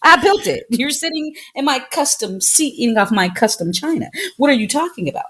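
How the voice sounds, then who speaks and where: Woman, 30s, podcast co-host, husky, sassy and emphatic, casual chat. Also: high voice, animated, brisk, fairly bright tone. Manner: sassy, emphatic, laughing storyteller.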